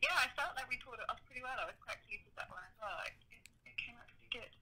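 A woman's voice: on the high side, very fast, pushed and bright, slight background noise, rough recording. A British woman chatting frankly as a podcast guest, hedging her words with 'like'. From United Kingdom. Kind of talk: casual interview chat.

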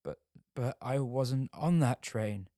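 A man's voice: lowish voice, steady tone, vocal fry, a little mellow, no room sound, studio quality. A man voicing a frightened German suspect who stammers and halts in a true-crime story reading. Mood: scared. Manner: stammering, halting.

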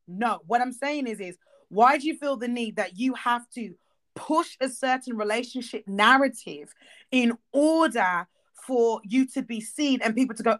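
A woman co-hosting a casual chat, emphatic and blunt, swearing freely and getting animated as she makes her point. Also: fairly high pitch, moderate pace. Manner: animated, acts out quoted voices.

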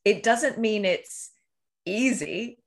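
A woman's voice: medium pitch, expressive, slow pace. A woman as an interview guest, talking earnestly and casually, walking through examples, with the odd swear word. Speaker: podcast guest.

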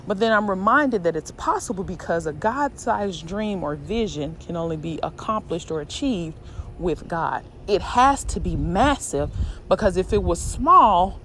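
Woman podcast host, middle pitch, earnest and reflective, repeats herself for emphasis; faint noise behind. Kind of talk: casual faith-based motivational monologue.

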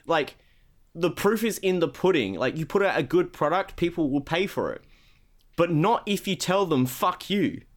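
A man's voice: a little high, lively intonation, moderate pace. A man hosting a casual gaming podcast, ranting with heavy profanity and sarcasm.

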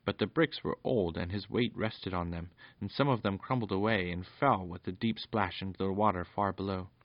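A man reading a children's storybook aloud in a steady narration with small stumbles, on a dull lo-fi recording. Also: sits low, normal speed, dry recording.

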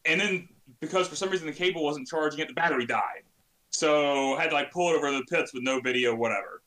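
Bright-voiced stammering man, casual chat. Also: a little high, quick pace. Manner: rambling, stammers and restarts when excited. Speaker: sim racing podcast guest. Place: home sim racing setup.

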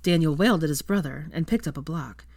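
A woman reading fan fiction aloud as steady audiobook narration. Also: sits low, quick pace, no room sound, clean studio sound.

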